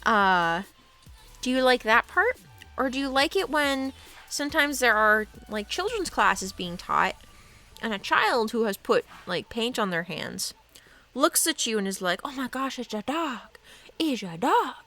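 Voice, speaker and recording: Young woman art streamer, lively high voice, giggly and chatty, faint music under her. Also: a little slow. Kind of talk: casual live-stream chat.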